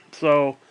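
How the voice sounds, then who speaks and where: A man's voice: fairly high pitch, fairly bright tone, slightly rough. Profane, exasperated man ranting casually. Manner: profane, exasperated and self-mocking, with frequent sighs. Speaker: vlogger. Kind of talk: casual rambling monologue.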